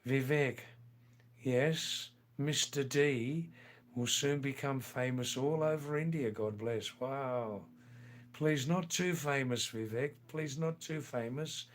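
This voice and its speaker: An older man chats slowly and unhurriedly on a live stream. He reads viewer comments aloud and answers them with playful, teasing remarks, his voice sitting at an ordinary middle pitch. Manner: slow, playful, teasing asides. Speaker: livestream host.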